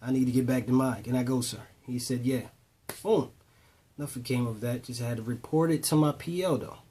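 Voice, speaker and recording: Brief: man, mid-pitched voice, conversational storyteller, voices the other people in his stories. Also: fairly even intonation, fairly quick, warm tone, slight background noise. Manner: conversational, retells dialogue in voices, repeats "boom". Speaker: storyteller addressing youth. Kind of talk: casual spoken storytelling.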